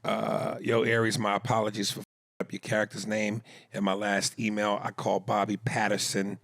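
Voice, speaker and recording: A man's voice: on the low side, completely flat delivery, fairly quick, fairly bright tone, no echo, studio quality. A man co-hosting a comedy podcast, reading listener comments aloud and throwing in jokey asides in casual chat.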